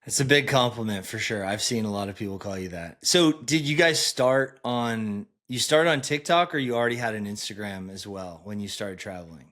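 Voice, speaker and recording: A man's voice: fairly low pitch, a little fast, few pauses, fairly bright tone. A man hosting a casual podcast interview, asking friendly, long, rambling questions. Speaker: podcast host.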